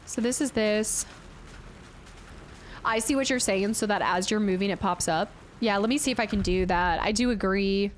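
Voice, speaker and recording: A woman's voice: mid-range voice, moderate pace, slight background noise. A woman streaming a game in a chatty, playful way, thinking aloud and thanking viewers from chat. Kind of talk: casual gameplay commentary.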